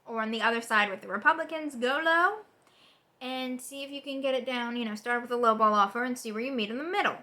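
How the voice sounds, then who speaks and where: A woman political vlogger in an unscripted, angry rant, exasperated and swearing, with rapid repetitions and restarts. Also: fairly high pitch, sharp tone.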